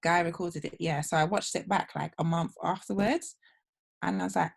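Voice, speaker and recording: A woman co-hosting a relaxed chat. Her low voice is gravelly and husky, with plenty of fry. She tells her stories with lively, acted-out reactions. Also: moderate pace. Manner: animated storyteller, acts out her own reactions. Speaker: podcast co-host. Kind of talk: casual chat.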